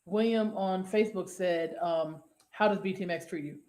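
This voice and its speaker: A woman's voice: on the low side, normal speed, a little mellow, echoey room. A woman co-hosting a casual podcast, talking bluntly, swearing freely and breaking into exclamations. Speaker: podcast co-host.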